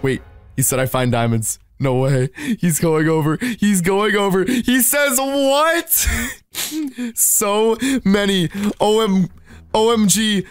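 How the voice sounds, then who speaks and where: A young man hosting a gaming video, giving excited commentary, exclaiming and laughing often. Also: sits high, smooth, no echo. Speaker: gaming channel host.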